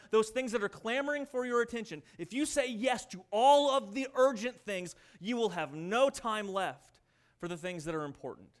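A middle-aged male pastor preaching a conversational, animated sermon that acts out voices. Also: high-pitched.

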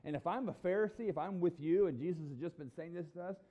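A man preaching a sermon in a lively, conversational way, with humorous asides to his congregation. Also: high-pitched, quick pace, narrow, tinny audio. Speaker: pastor.

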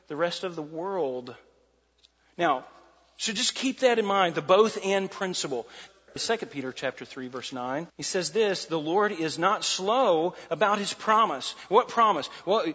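Man preaching, high voice, husky, muffled, long church reverb. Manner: animated preaching, repeats phrases for emphasis. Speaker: pastor. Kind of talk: sermon. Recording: muffled sound in a large reverberant hall.

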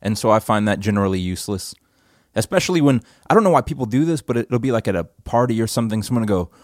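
A laid-back man with a lowish voice hosts a casual podcast chat. He is self-deprecating and drifts into quiet asides. The recording is close and dry, with no room sound. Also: lively intonation, very fast, no echo. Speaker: podcast host. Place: church office.

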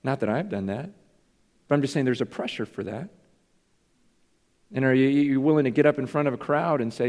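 A man's voice: mid-range voice, brisk, pauses often, darkish tone. A man preaching a sermon as pastor, earnest and confessional, questioning himself aloud. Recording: long reverb in a large hall.

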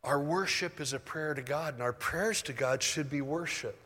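A man preaching a sermon in a relaxed, conversational way, moving between soft asides and loud bursts. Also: fairly high pitch, normal speed, in a large hall. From United States. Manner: conversational, shifts from soft asides to mock shouting.

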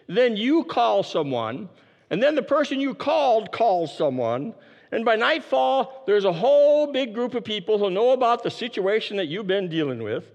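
A man preaching a sermon, emphatic and repeating his key phrases, dropping his voice low to stress a point. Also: very animated, normal speed, big-room sound, muffled recording. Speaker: pastor.

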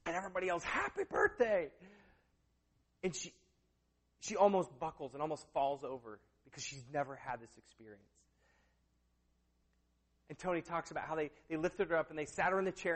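A man in the pulpit telling a story with real drama. His voice sits a little high, and it climbs to loud bursts before dropping down to near-hushed moments. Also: normal speed, long pauses. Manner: animated retelling, swings between loud and hushed. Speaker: preacher. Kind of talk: sermon storytelling.

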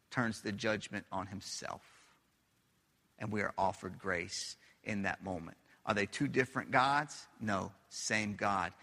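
Man, pastor, sermon, bright and forceful voice, repeats himself for emphasis, long reverb of a big church. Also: medium pitch. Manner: emphatic, repeats phrases, asks the audience questions.

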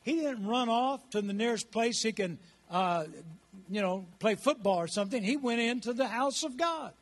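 His voice very high and animated, a man in his sixties preaches at a moderate pace. The pastor's sermon is rousing, and he keeps prompting the congregation to call back.

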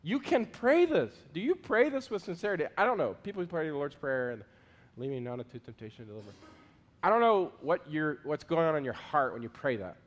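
A man preaching a sermon as pastor, earnest, moving between loud pleading prayers and quiet asides. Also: fairly high pitch, big pitch swings, brisk, hardly any pauses. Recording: long hall reverb.

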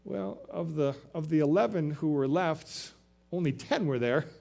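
A man's voice: on the high side, normal speed, gravelly, darkish tone. A male pastor preaching a Sunday sermon, retelling scripture in his own words with frequent restarts.

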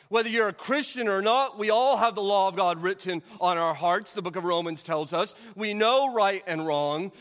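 High-voiced pastor preaching in a reverberant hall. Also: male voice, a bit bright. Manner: conversational preaching with rhetorical questions and restarts. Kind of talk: sermon.

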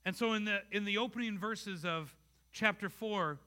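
A man preaches in a high, piercingly bright voice. He sounds earnest and conversational, and he keeps putting rhetorical questions to his congregation. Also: normal speed. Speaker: pastor. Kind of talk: conversational sermon.

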